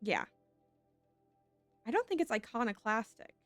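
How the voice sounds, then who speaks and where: A woman's voice: on the high side, very animated, a little slow, a bit bright, no room sound. Chatty young woman streamer over game music. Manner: chatty, swears casually, reads game text aloud. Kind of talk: casual gameplay commentary.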